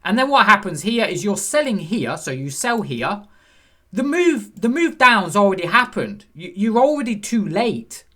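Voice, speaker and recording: Lively, bright-voiced male trading teacher. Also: high voice, moderate pace. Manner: conversational, asks the viewer questions; acts out a frustrated trader's inner voice. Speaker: trading instructor. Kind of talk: screen-share chart lesson.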